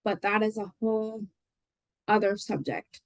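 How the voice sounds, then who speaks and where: A woman's voice: mid-range voice, steady tone, a little slow, no echo, poor audio. A woman giving a casual webinar presentation, rambling with lots of fillers and restarts. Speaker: presenter on voting rights.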